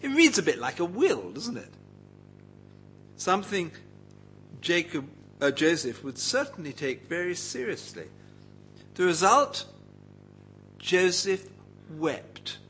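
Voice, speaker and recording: A man's voice: sits high, sing-song, slow, long pauses, fairly bright tone, slight background noise, low-quality recording. A man preaching a Bible teaching sermon in an engaging way, often putting questions to his listeners.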